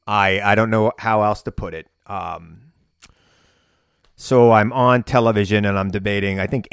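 A man talks through a casual solo podcast episode, animated and sometimes raising his voice to act out the story. His voice sits low, and the sound is dry and close with no room echo. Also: smooth. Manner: animated storytelling, bursts of yelling when reenacting. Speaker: podcast host and political commentator. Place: home basement studio.

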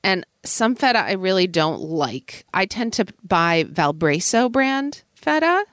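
A woman's voice: mid-range voice, very animated, unhurried, a bit bright, dry recording. A woman co-hosting a casual food chat, chatty and opinionated, with a dry close sound. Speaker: podcast co-host.

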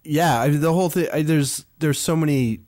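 A man's voice: fairly high pitch, a little fast, darkish tone, dry recording, studio quality. A man from Central New York co-hosting a casual podcast, hesitant and restarting his sentences. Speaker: podcast co-host.

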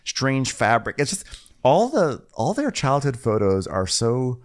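A man's voice: medium pitch, sing-song, a little slow. A young man co-hosting a podcast, recapping a reality show with wry humor and frequent laughs. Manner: wry, laughs often, quotes cast members in campy voices. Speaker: podcast co-host.

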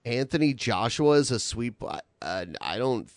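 Smooth-voiced man hosting a chat show. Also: medium pitch, sing-song, normal speed, no echo, clean studio sound. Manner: rambling, reads messages aloud with filler words. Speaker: podcast host. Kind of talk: casual chat, reading donations.

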